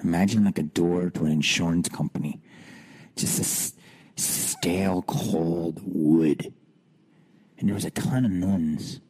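A man in his thirties hosting a podcast, telling personal stories in an animated way, swearing freely and climbing high on rhetorical questions. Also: unhurried, husky. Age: 30s. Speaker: podcast host. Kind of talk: personal storytelling monologue.

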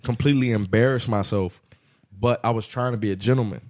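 A man's voice: on the low side, quick pace, darkish tone. A man co-hosting a casual podcast, telling an embarrassing story about himself in a laid-back, self-mocking way. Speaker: podcast co-host.

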